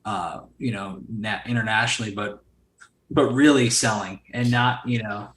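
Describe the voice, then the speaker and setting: A man's voice: fairly low pitch, fairly even intonation, normal speed, a bit bright, reverberant. A man, a guest on a podcast, talking loosely and profanely with lots of fillers. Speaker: podcast guest, solar sales company owner. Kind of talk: casual podcast interview.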